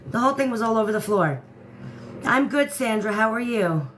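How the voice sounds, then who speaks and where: A woman's voice: a little high, expressive, moderate pace, slight background noise. A woman hosting a casual live stream from home, greeting viewers by name and chatting as she reads the comments. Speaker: livestream host. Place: indoor room at home.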